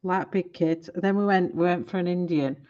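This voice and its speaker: A woman's voice: fairly low pitch, moderate pace, dark tone, lo-fi sound. A woman hosting a colouring live stream, chatting casually and giggling as she trips over product names.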